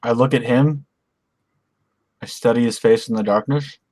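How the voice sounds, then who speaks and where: A man's voice: medium pitch, fairly even intonation, normal speed, a little mellow. Dry-spoken man playing a tabletop game. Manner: terse, dry first-person moves. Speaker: player.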